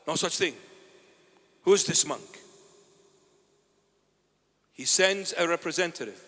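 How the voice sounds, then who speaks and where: Male preacher, high voice, animated storyteller who acts out his characters, recorded live in a church with a long reverb. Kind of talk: storytelling sermon.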